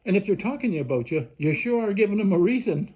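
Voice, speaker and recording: A man rants at the camera, rambling and restarting as he gets worked up. His voice is husky, dark and a little raised in pitch. The recording sounds dull and lo-fi. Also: animated, quick pace. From Canada. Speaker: vlogger. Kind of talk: rambling casual rant.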